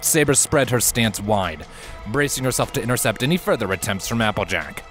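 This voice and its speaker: A man reading fan fiction aloud in a steady, measured audiobook narration. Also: medium pitch, faint music behind. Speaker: fanfiction reader.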